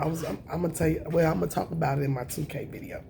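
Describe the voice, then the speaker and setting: A woman, chatting to camera on her eating show, emotional and thankful, with a voice that is raspy at times. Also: sits low, fairly even intonation, racing, few pauses, dark tone, a little hiss or hum. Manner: emotional, thankful, says y'all often. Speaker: mukbang vlogger.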